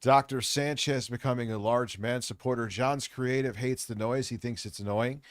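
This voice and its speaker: A man's voice: medium pitch, steady tone, normal speed, dry recording, clean studio sound. A man hosting a casual livestream, talking in a rambling, jokey, off-the-cuff way. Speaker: livestream host.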